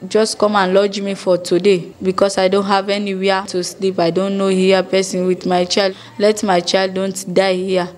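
A young woman with a West African pidgin English accent giving a halting, plain-spoken personal testimony, re-enacting scenes aloud as she tells them. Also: mid-range voice, flat delivery, a little mellow. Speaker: former child soldier giving testimony.

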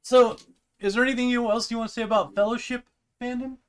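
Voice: medium pitch, steady tone, fast, clear, resonant tone. A podcast co-host chatting casually, teasing, cracking crude jokes and riffing on a book. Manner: jokey, crude humor, teasing. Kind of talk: casual chat.

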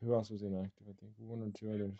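A man's voice: on the low side, level tone, racing, vocal fry, warm tone. A man with a non-native English accent running a clan's gaming voice chat, impatient and bossy, swearing at players to hurry up and join. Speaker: clan leader organizing a training match. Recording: dull lo-fi game voice chat.

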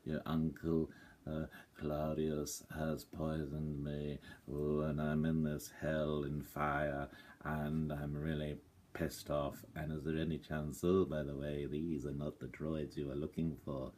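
A man's voice: rumbling low, monotone, slow pace, darkish tone, heavily acted. A man putting on a weary, mild old male ghost who sounds mournful and oddly unbothered. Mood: glum. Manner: mournful, unbothered, mock-apologetic. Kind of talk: mock theatrical impression.

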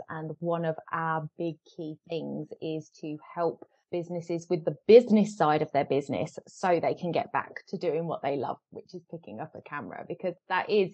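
A woman's voice: fairly low pitch, a little mellow, no echo, dull audio. A woman in her thirties from the UK with an East Midlands English accent, hosting a podcast in an enthusiastic, chatty way. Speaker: podcast host. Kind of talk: casual podcast chat.

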